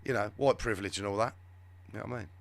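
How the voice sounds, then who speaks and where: A man's voice: on the low side, very fast, gravelly, no echo. A man hosting a live show, giving rambling, sarcastic, off-the-cuff commentary on the news. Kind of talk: live political commentary chat.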